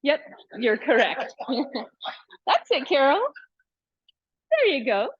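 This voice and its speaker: A woman's voice: sits high, very animated, slow pace, no echo, lo-fi sound. A woman leading a live yoga class, chatty and encouraging, with playful asides. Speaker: yoga teacher.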